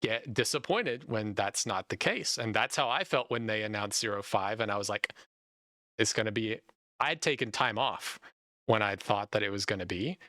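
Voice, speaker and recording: Bright-voiced young man chatting on a podcast. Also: fairly low pitch, normal speed, no room sound, studio quality. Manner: animated, talks in long run-on stretches. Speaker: podcast host. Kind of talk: casual podcast chat.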